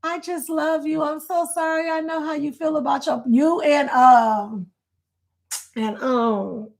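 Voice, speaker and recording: A woman's voice: high voice, fairly even intonation, slow pace. A middle-aged woman hosting a casual livestream, chatting, reading viewer comments aloud and laughing often. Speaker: livestream host.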